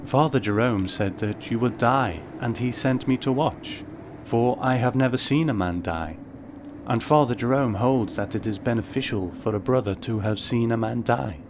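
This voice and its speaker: A man's voice: mid-range voice, normal speed, background noise, close to an everyday voice. A man reading the part of a small, gnome-like male monk who speaks sadly and innocently, like a child. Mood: mournful. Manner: sad, gentle, childlike.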